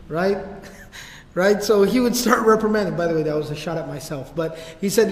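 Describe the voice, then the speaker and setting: High-voiced man teaching in an echoey hall. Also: fast talker. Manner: casual, storytelling, slangy asides. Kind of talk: casual religious history class.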